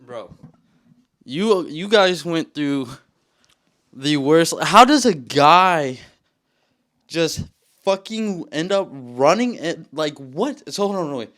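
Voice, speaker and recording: A man's voice: on the high side, lively intonation, takes it slowly. A man co-hosting a podcast, chiming in with slangy, casual reactions and questions. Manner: reactive, slangy, says bro. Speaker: podcast co-host. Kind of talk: casual chat.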